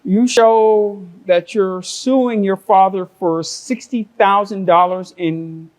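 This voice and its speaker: A man's voice: high-pitched, fairly even intonation, slow pace, low-quality recording. A man serving as a judge, asking probing and skeptical questions.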